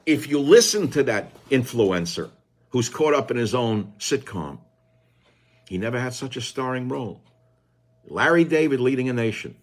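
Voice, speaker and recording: An older man with a low voice, hosting a radio talk show and delivering a combative, sarcastic political monologue that swings from low mutters to shouts. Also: lively intonation, moderate pace.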